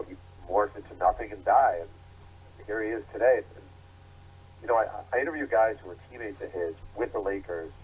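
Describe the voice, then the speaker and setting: A man's voice: low voice, breathy edge, low-quality recording. A middle-aged man, an author guest in an interview, telling stories animatedly and acting out quotes. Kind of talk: interview storytelling.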